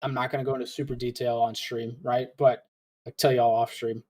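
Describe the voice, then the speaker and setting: A man's voice: medium pitch, a little fast. Joking man in a casual stream chat. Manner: relaxed, joking, swears and laughs often. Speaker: co-host.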